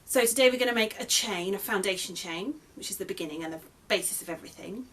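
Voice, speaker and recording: A woman's voice: mid-range voice, quick pace, fairly bright tone, breathy edge. A young English woman, a crochet designer, teaching a beginner's tutorial in a chatty, friendly way that often corrects itself as she goes. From England. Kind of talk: casual tutorial.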